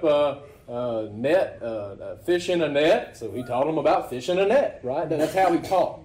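A man's voice: fairly high pitch, darkish tone, a little hiss or hum. A man preaching a sermon to his congregation in a casual, conversational way, often asking rhetorical questions. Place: church. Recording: echoey room.

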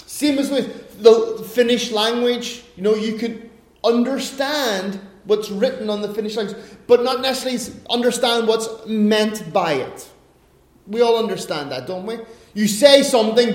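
An Irish man preaching a sermon as a pastor, chatty and anecdotal, poking gentle fun at himself. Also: high voice. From Ireland. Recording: roomy echo.

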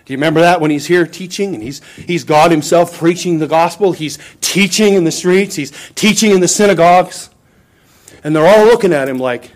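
High-voiced man preaching with emphasis. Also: a little fast. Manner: emphatic preaching, dramatic quoting of scripture. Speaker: pastor. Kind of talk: sermon.

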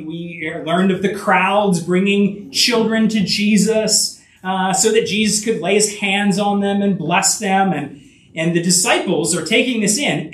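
Earnest high-voiced preacher in an echoey room. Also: male voice. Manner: earnest, many fillers and restarts, rhetorical asides, builds to emphatic peaks. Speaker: pastor. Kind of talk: sermon. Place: church sanctuary. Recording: echoey room, voice picked up from a distance.

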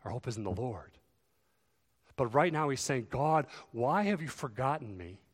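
A man preaching a sermon, earnest, swelling louder and dropping soft to stress his points. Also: medium pitch, very animated, moderate pace, slightly rough. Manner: earnest, rises and falls in volume for emphasis. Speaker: pastor. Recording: long reverb of a large hall.

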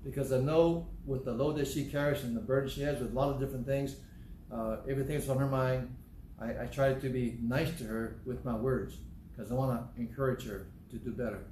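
A man with a Southern American accent preaches in a relaxed, folksy manner, mixing in personal asides. His voice sits at an ordinary middle pitch. The room around him is echoey, with a faint hum of noise behind. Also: brisk. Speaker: pastor. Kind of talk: sermon.

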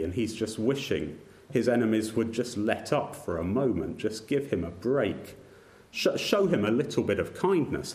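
A man's voice: fairly low pitch, a little mellow. A man preaching a sermon, earnest, with frequent restarts and repeated words. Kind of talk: sermon on a psalm.

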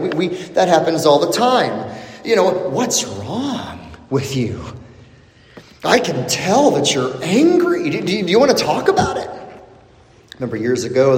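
Pastor guy preaching slow and lively, voice way up high, big echoey hall. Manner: expressive preaching with rising emphasis and many restarts. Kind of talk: biblical teaching sermon.

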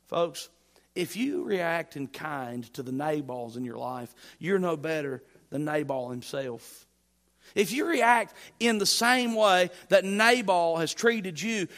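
A middle-aged man preaching a sermon, emphatic and rising to loud peaks, mixing humorous stories into his teaching. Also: sits high. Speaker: pastor.

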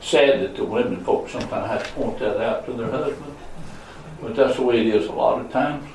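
Male pastor mid-sermon, mid-pitched voice, dramatic swings in volume, captured from across a reverberant room. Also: a little fast, gravelly, slight background noise. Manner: preaching with sharp swings between loud high calls and low murmurs. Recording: echoey room, voice from a distance.

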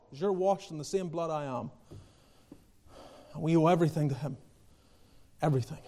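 Male preacher with a high voice, passionate and emphatic, builds to shouts and drops to quiet asides. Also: normal speed, long pauses. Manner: passionate, rising to near-shouting then dropping low; repeats phrases, chuckles. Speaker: pastor. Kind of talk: sermon.

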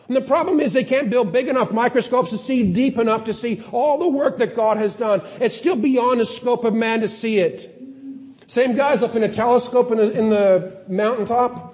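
A man preaching a sermon, telling stories with lively energy and sometimes acting out excited scientists in a higher voice. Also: a little fast. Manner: animated storytelling, acts out excited scientists in a higher voice. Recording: long hall reverb.

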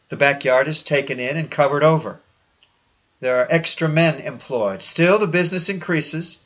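A man preaching a sermon in a solemn, measured oratorical manner with old-fashioned phrasing. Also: fairly high pitch, fairly bright tone. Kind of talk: sermon reading. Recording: dull lo-fi recording.

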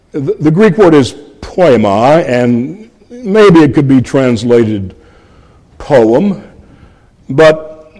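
A man's voice: a little high, a little mellow, in a large hall. A man preaching an expository sermon, earnest and emphatic, repeating key phrases and addressing his listeners as friends.

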